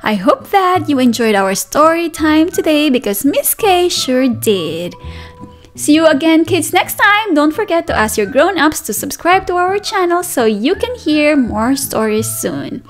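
High, lively woman reading to toddlers. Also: unhurried, soft background music. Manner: animated, sing-song, gasps and asks children questions. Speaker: preschool teacher reading aloud. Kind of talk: picture-book read-aloud for toddlers.

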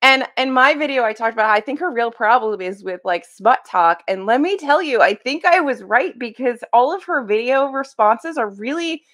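Recording at home before work with a streaming webcam setup, a book commentary host reacts casually, rambling and wryly exasperated. Her voice is on the high side, animated, and a bit bright, moving at a moderate pace with hardly any pauses.

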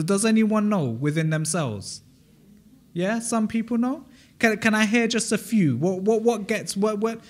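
A British man with a fairly high voice delivers a sermon in a church. He talks in an easy, conversational way, putting questions to the congregation and often restarting his sentences. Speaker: pastor. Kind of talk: interactive sermon. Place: church hall.

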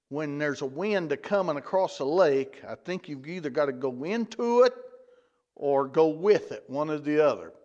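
A man teaching a Bible lesson in a folksy way, often repeating and restarting phrases. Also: a little high. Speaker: church teacher. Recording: dull lo-fi church recording.

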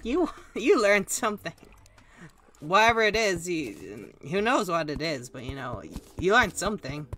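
Woman streamer, low-ish voice with a bright edge, dry sarcastic chatter over faint music. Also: big pitch swings, measured pace, slight background noise. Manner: sarcastic, self-mocking, chatty. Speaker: gaming streamer. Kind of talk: casual live gaming commentary.

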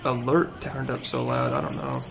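A young man streaming a shooter game, excitedly narrating, shouting and laughing as he repeats himself. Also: a bass voice, moderate pace, gravelly, noisy background. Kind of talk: excited gaming stream commentary.

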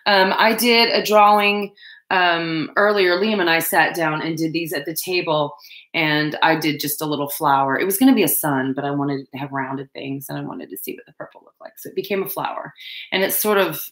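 A woman's voice: deep voice, normal speed, a bit bright, roomy sound, poor audio. A woman chatting casually and rambling to viewers while she crafts on a livestream. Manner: chatty, rambling, self-deprecating, talks to viewers and pets.

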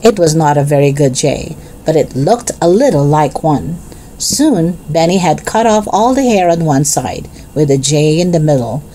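A woman reading a children's chapter book aloud in a gentle, expressive way. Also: deep voice, moderate pace, slight background noise. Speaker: narrator.

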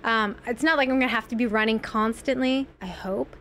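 A woman's voice: on the high side, fairly even intonation, brisk, a bit bright, a little hiss or hum. A young woman streaming a video game from home, chatting casually and giggling while she rambles and reads her chat aloud.

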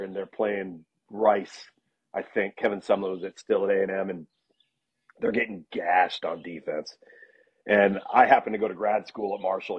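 A middle-aged man, a football analyst, casually telling animated stories as a podcast guest. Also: lowish voice, husky. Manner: animated anecdotes with laughs and restarts. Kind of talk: casual storytelling in a podcast interview. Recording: dull lo-fi sound.

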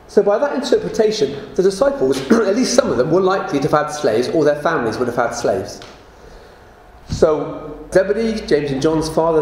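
A man's voice: fairly high pitch, darkish tone. A man teaching a sermon in a conversational way, often asking his listeners rhetorical questions. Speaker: preacher. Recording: very echoey room with faint noise.

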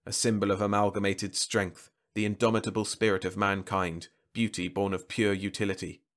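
Deep-voiced man reading sci-fi aloud. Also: little pitch movement, a bit bright. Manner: measured, dramatic reading. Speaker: storyteller.

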